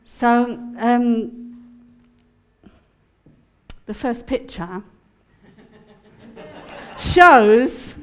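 A woman, speaking at a prayer conference, telling a personal story and teaching in a chatty, animated way with frequent laughs. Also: on the high side, very slow, pauses often, clear, resonant tone. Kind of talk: personal testimony and teaching talk.

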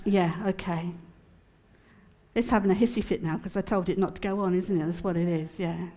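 Animated woman preaching a testimony. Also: on the low side, brisk. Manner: animated and emotional, laughing often. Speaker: speaker at a prayer conference. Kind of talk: testimony-style sermon.

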